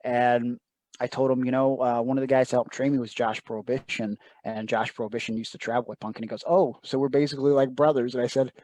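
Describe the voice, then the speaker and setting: A man's voice: medium pitch, monotone, fast, a little mellow, dry recording. A man telling a personal story as an interview guest, earnest and emotional, often quoting others in asides.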